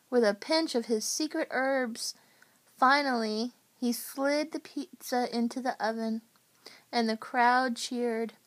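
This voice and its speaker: Slow, gentle woman reading a bedtime story. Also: high voice. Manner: gentle, unhurried.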